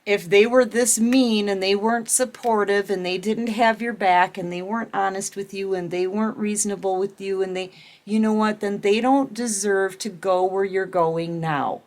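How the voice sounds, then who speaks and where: A woman's voice: mid-range voice, steady tone, moderate pace, darkish tone. A middle-aged woman giving a casual tarot reading, emphatic and repetitive, speaking straight to the viewer. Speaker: tarot reader.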